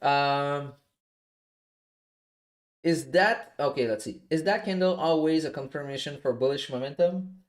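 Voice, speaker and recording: A man with a non-native English accent, coaching viewers through trades in a relaxed, casual livestream and often checking in with "right?". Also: fairly high pitch, measured pace, pauses often. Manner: relaxed, explanatory, often adds "right?" and "you know?". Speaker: forex trading coach. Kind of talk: casual live trading walkthrough.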